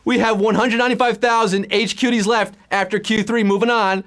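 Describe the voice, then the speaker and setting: A man's voice: high voice, fairly quick. A man hosting a live trivia game show, reading questions and answers in a playful, punning, hyped-up way. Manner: playful, punning, lively hype. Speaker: quiz show host.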